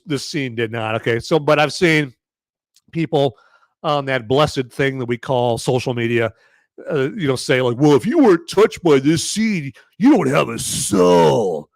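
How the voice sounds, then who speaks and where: A man's voice: medium pitch, no echo, studio quality. A man hosting a live movie review podcast, talking casually and sarcastically with many fillers and frequent "okay?" checks to his chat.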